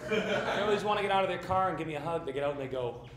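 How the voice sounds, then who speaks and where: A man doing stand-up in a small theater, telling absurd stories in a rambling, halting, deadpan way. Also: on the high side, very noisy. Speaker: stand-up comedian. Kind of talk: live stand-up set. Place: small theater stage before a live audience. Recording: echoey theater with audience laughter.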